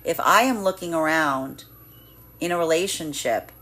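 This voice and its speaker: A woman's voice: deep voice, moderate pace, bright, forceful tone. A woman giving a live tarot reading in a rambling, chatty way, full of fillers and frequent laughs. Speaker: tarot reader.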